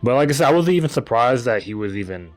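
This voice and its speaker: A man's voice: mid-range voice, lively intonation, fast, faint music behind. A young man casually commenting on his game as he plays, laid-back and slangy. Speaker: gaming channel host.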